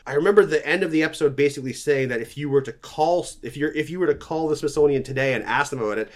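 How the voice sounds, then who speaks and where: A man's voice: a little high, racing. A man co-hosting a podcast, telling folklore tales in a chatty, casual way with rambling tangents. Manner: chatty, half-remembered tangents. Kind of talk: casual storytelling from notes.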